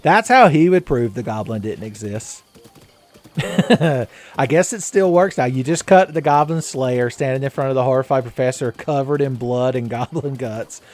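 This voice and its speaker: A man's voice: medium pitch, moderate pace, a little mellow. Jokey rambling man playing a game. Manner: rambling, jokey, laughs often. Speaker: let's play host. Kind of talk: casual gameplay commentary.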